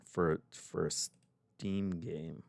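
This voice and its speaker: A man's voice: deep voice, fairly even intonation, very slow, gravelly, darkish tone, no room sound. A man streaming game demos, chatting casually and reacting as he plays. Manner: chatty, reads on-screen text aloud and reacts. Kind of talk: casual live-stream commentary. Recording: game music playing underneath. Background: game music.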